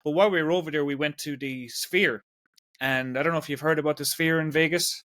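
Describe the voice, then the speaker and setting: A man's voice: fairly high pitch, a little fast, pushed and bright, dry recording, clean studio sound. Chatty Irish man in his forties. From Ireland. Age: 40s. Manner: rambling, chatty, peppers speech with "like". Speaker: podcast host. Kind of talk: casual podcast conversation.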